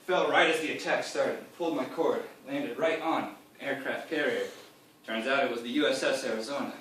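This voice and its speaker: A man telling a deadpan comic tall tale, rambling on with loud acted-out quotes and chuckling asides. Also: mid-range voice, a little fast. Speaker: speaker giving a comic presentation. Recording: echoey room from far off, faint hiss.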